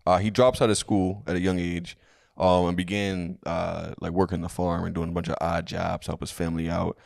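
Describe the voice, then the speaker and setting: A man's voice: low-pitched, flat delivery, moderate pace, vocal fry, a little mellow, no echo, clean studio sound. A man co-hosting a comedy history podcast, talking in a laid-back, crude way with many fillers and restarts. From family from a third world country. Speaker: podcast co-host. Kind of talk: casual comedy podcast chat.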